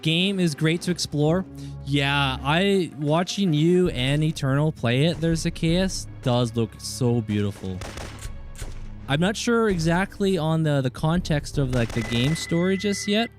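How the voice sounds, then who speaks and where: With a slightly high, expressive voice and a somewhat slow pace, this British Columbian Canadian man chats casually with viewers over his live gameplay. He's friendly, thanks people by name, and restarts his words as game music and gunfire sound behind him.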